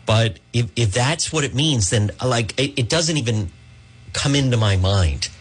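Husky, combative talk radio man. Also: mid-range voice, animated, measured pace. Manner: combative and emphatic, stumbling restarts. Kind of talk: opinionated talk radio monologue.

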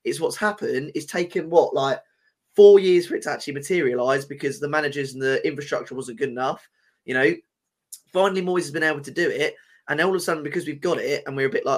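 A man's voice: fairly high pitch, quick pace. A man from England co-hosting a casual football podcast, ranting as a frustrated fan and swearing. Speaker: podcast co-host.

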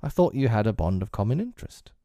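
A reserved, sober lawyer who speaks in a measured way, as a male reader voices him. The voice is low and dark, with a close, dry sound. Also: very animated, dry recording. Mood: grave, sober.

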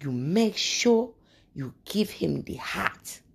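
A woman voicing a soft-spoken African hair braider who gives earnest advice in plain broken English. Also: rumbling low, a little slow, heavily acted.

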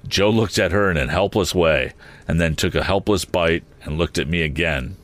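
A man narrating a classic novel as an audiobook, in a measured, steady storytelling manner. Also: deep voice.

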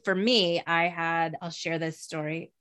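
A woman hosting a podcast interview, chatty and expressive, sharing her own stories with frequent laughs. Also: on the low side, unhurried, no room sound. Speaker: podcast host. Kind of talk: casual interview chat.

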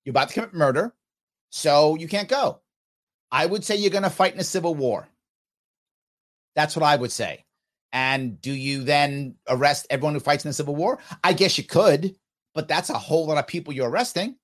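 A man's voice: on the high side, moderate pace. A man hosting a podcast, talking through listener comments in an emphatic way and repeating his points for emphasis. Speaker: podcast host.

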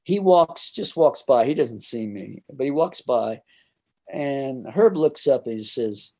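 Older male storyteller, unhurried delivery, animated, acts out the other voices, laughs often. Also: mid-range voice, gravelly, husky. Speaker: interviewee recalling his career. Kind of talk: casual storytelling.

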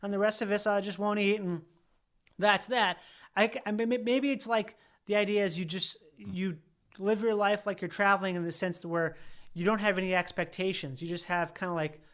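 A man with a high speaking voice chatting casually on a podcast. He rambles, restarts his sentences and corrects himself as he works his thoughts out aloud. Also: fairly even intonation, fairly quick, a bit bright. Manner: rambling, self-correcting, laughing. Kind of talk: casual chat.

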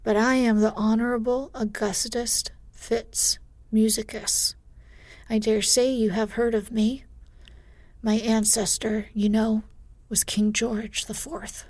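A woman's voice: a little high, flat delivery, slow, a little mellow, dry recording. A woman playing a pompous, touchy young dandy. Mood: boastful.

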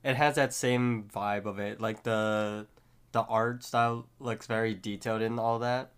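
A man co-hosting a podcast, chiming in with relaxed, easygoing commentary. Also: fairly low pitch, unhurried, smooth. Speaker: podcast co-host. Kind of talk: casual chat.

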